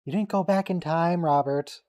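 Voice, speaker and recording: A man hosting a casual watch-along stream, joking and quickly reacting to what's on screen and teasing his friends. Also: fairly high pitch, dark tone. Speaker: stream host.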